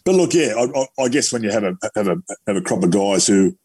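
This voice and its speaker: An Australian man, a former rugby player, chatting casually in a halting way with lots of fillers and repeats. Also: fairly low pitch, expressive, a little mellow, breathy edge. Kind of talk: casual chat.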